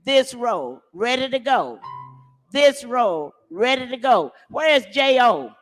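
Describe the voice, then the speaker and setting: An older man leading a young crowd in call-and-response, alternating loud chants with hushed instructions. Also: extremely high pitch, big pitch swings, slow pace, soft background music. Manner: commanding, shouts chants then hushes the crowd. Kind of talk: call-and-response rally speech. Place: large church hall. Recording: echoey church hall with crowd.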